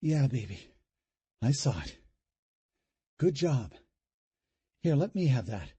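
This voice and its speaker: A man's voice: medium pitch, big pitch swings, slow, mellow, breathy edge, no room sound, exaggerated voice. A man voicing an injured, dazed mother in an audiobook, speaking groggily through the pain. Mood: soothing. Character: dazed, injured grown woman, protective mother.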